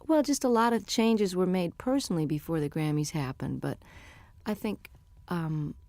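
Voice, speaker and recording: A woman's voice: on the low side, normal speed, a little mellow, no echo. A woman in her forties, a musician guest talking candidly and chattily in a radio interview. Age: 40s. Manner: chatty, candid and self-deprecating.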